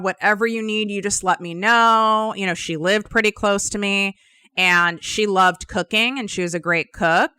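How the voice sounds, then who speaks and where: A woman in her thirties hosts her own podcast and tells a personal story in a confiding, emphatic way, swearing now and then. Her voice is bright and smooth. The sound is dry and close. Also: on the low side, dry recording. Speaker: podcast host.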